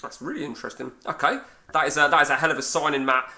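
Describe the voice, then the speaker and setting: A man's voice: fairly high pitch, steady tone, fast talker, pushed and bright. A man in his forties with an English accent, chatting casually and swearing freely while playing a game and telling a rambling story. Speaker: gaming channel host. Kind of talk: casual chat over a game session.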